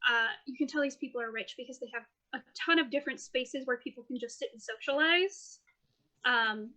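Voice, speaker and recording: A woman's voice: fairly high pitch, pushed and bright. A woman running a tabletop game as game master, narrating scenes in a playful, descriptive way. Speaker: dungeon master.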